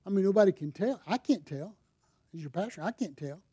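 Conversational preaching man, dark high voice. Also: lively intonation, brisk, husky. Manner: conversational preaching with audience questions and props. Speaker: pastor. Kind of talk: sermon. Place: church sanctuary.

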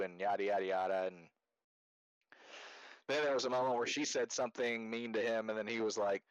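A young man casually recapping an anime, laughing and filling in quick character voices as he retells scenes. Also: on the low side, fairly even intonation, low-quality recording.

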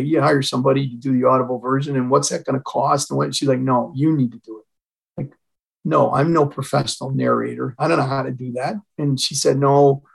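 A gravelly, slightly rough, mid-range voice from an older man, recorded roughly. The Illinois native, once a fire chief, is a podcast guest telling his own story and dramatizing the dialogue.

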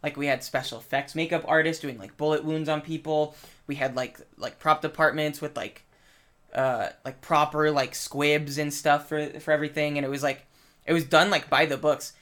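A man's voice: a little high, fairly even intonation, moderate pace, fairly bright tone. A man in casual chat, rambling with lots of filler words and swearing while telling a story from a film set. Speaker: film crew member.

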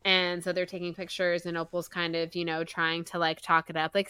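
A woman co-hosting a casual book podcast, retelling a chapter with an animated, giggly manner and lots of "like" fillers. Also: fairly low pitch, a little fast, clear, resonant tone, no room sound. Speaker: podcast co-host. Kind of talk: casual book-club chat.

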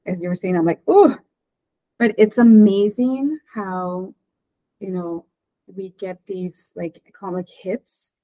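A woman's voice: medium pitch, fairly even intonation, measured pace, warm tone, no echo, rough recording. A woman hosting a podcast interview, chatty and conversational as she asks questions. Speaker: podcast host. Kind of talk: casual interview chat.

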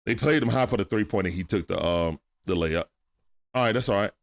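A man hosting a live stream from home, calling a game play-by-play in a casual, excitable way that swings from hushed asides to sudden shouts. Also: on the low side, a little fast, gravelly. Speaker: stream host. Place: at home at night.

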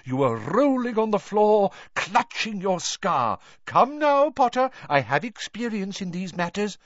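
A man's voice: high-pitched, lively intonation, moderate pace, no room sound, pitched above the performer's own voice. A man playing a breathless, theatrical woman seer. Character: eager, dramatic older woman seer teacher. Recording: dull dry lo-fi recording.

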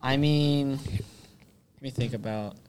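A teenage boy hosting a casual podcast chat, telling stories with lively voices for the people in them. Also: medium pitch, slow, background noise. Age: teens. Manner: animated storyteller, does voices of others.

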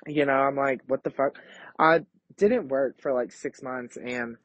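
A young podcast host from Kentucky delivers a brash, profane, campy confessional monologue. His medium-pitched voice runs a little slow, and the recording is dry but comes across as a dull lo-fi home setup.

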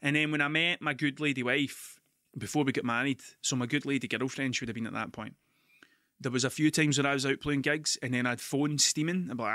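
A Scottish man hosting a podcast, telling stories in an animated, sweary, ranting way. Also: mid-range voice, quick pace, dry recording, clean studio sound. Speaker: podcast host. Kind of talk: casual monologue.

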